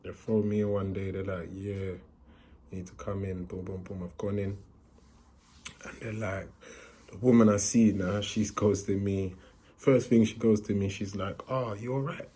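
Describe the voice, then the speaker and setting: A man's voice: sits low, little pitch movement, normal speed, dark tone. A young man with a London accent telling a story in a casual, slangy storytime vlog and acting out the voices he quotes.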